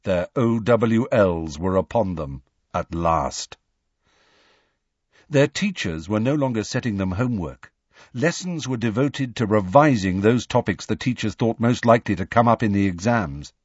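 A man narrating an audiobook in a measured, expressive storytelling manner. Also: fairly low pitch, husky, dry recording, muffled recording. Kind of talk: scripted narration.

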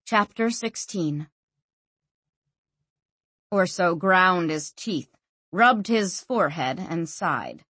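A woman narrating a fantasy audiobook in an expressive storytelling manner. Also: lowish voice, very slow, long pauses, slightly rough, no room sound. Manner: expressive, lively storytelling reading.

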